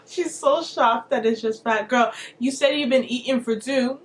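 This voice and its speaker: A woman hosting a reaction video, commenting in a playful, sassy and animated way. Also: sits high.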